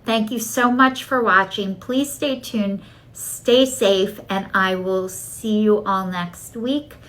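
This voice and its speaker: A middle-aged woman vlogging to her viewers in a chatty, animated way, acting out what people said to her. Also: mid-range voice, takes it slowly, poor audio. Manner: chatty, animated storytelling, acts out dialogue. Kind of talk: casual talking-to-camera vlog.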